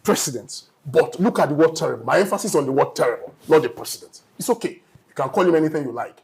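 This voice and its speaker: A man's voice: fairly high pitch, animated, fast, gravelly, darkish tone. A man with a Nigerian accent debating as a studio guest, emphatic and lecturing, often asking "you understand?". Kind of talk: panel debate.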